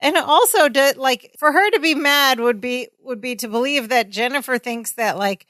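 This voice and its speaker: A woman's voice: sits high, normal speed, fairly bright tone, dry recording. A woman co-hosting a podcast, chatting casually about a sitcom episode and quoting its characters. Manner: chatty, many fillers, quotes characters as she goes. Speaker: podcast co-host.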